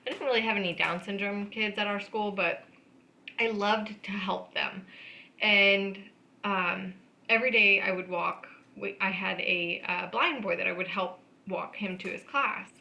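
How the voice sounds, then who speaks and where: Bright-voiced woman in casual chat. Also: medium pitch, a little slow, vocal fry, poor audio. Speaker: podcast co-host.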